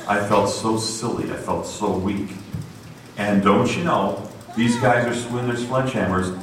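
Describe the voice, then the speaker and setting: A man's voice: on the low side, measured pace, crowd noise. A man telling a story in a sermon, acting out the voices of the people in it. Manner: animated, acts out voices in his story. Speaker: preacher. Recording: roomy echo, distant from the mic, faint noise.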